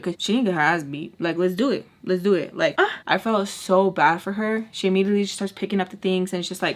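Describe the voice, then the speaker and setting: A woman in her twenties telling a story on her vlog in a lively, casual way, full of "like" and swearing. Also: on the low side, fast, few pauses. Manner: animated, filler-heavy, swearing. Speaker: vlogger.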